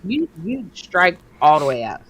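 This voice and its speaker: A woman in her thirties co-hosting a podcast, telling a story in casual chat and jumping her pitch to act out what others said. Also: measured pace, a crowd in the background, low-quality recording. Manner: animated, acts out quotes with big pitch jumps. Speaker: podcast co-host.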